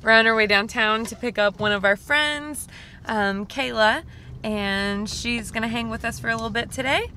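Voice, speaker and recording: A woman's voice: a little high, normal speed, bright, forceful tone, soft background music, low-quality recording. Bubbly giggly woman vlogger. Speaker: vlog host. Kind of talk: casual vlog chat. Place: converted school bus and workshop.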